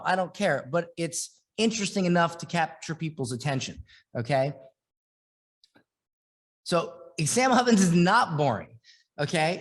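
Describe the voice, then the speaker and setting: A man giving a blunt, profane motivational training talk as an online marketing coach, talking in restless bursts with quick restarts. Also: sits high.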